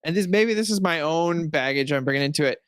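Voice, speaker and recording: A man co-hosting a casual podcast, wry, with quick asides. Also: a little high, clear, resonant tone, no room sound. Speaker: podcast co-host.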